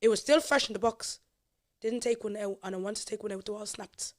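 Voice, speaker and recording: A woman's voice: mid-range voice, a little fast. A young Irish woman, a podcast guest, candidly telling her personal life story with emotion.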